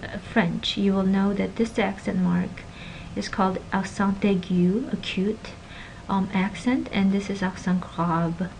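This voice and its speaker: A woman teaching a linguistics class, stressing example words with energy and dropping into quiet asides. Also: medium pitch, creaky, a little hiss or hum, rough recording. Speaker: linguistics lecturer. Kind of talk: recorded classroom lecture.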